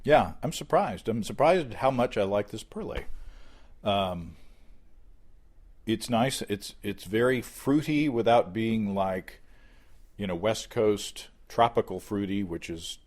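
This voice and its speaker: A man co-hosting a casual tasting chat, animated and quick to laugh. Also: fairly low pitch. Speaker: podcast co-host.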